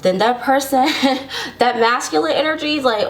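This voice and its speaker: A woman's voice: high voice, lively intonation, takes it slowly, long pauses. Woman tarot reader addressing viewers directly, sassy, chatty and reassuring, laughs often, faint background noise. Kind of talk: casual tarot love reading to camera.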